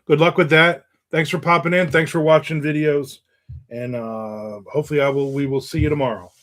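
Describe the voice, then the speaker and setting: A man's voice: fairly high pitch, fairly even intonation, a little fast, a bit bright. A man hosting a casual livestream, reading viewer comments aloud and rambling in a joking, self-mocking way. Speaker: livestream host.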